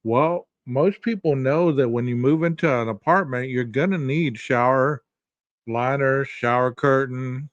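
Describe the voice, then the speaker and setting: A man of middle pitch co-hosts a casual true-crime chat and teases his co-hosts in a chatty way. His voice comes through slightly muffled and dry. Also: no room sound. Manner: chatty, teasing, quick to laugh. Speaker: podcast co-host.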